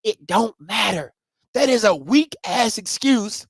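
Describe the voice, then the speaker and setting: A man hosting a live sports talk show, ranting in a casual and profane way, dropping to low mutters and then rising to shouts. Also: expressive, measured pace, vocal fry, slightly rough, no echo.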